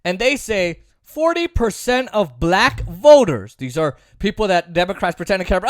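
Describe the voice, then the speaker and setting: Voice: mid-range voice, very animated, a little slow, no echo, studio quality. A political commentary host giving a sarcastic, opinionated monologue, repeating points for emphasis. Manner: sarcastic, mocks opponents in put-on voices.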